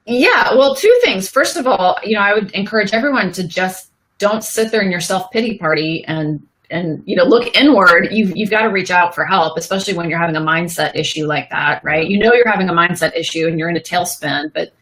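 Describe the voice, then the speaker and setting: A woman's voice: on the low side, fairly quick, rough recording. A woman coaching other women, chatting in an interview and acting out the voices in her story. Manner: animated storytelling, acts out quotes. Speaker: guest, business coach. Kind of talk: casual interview chat.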